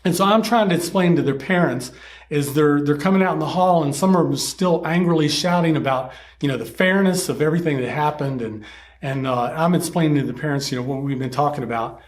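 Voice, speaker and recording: Man, storytelling talk, higher voice, lively, jumps up to mimic kids' shouting. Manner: animated, acts out children's shouts in a higher voice; halting, repeats words. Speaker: children's teacher telling a story.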